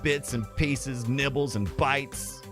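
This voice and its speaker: A man's voice: mid-range voice, slow, over music. A man hosting a casual livestream, chatting with viewers, laughing often and reading their comments aloud. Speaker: livestream host.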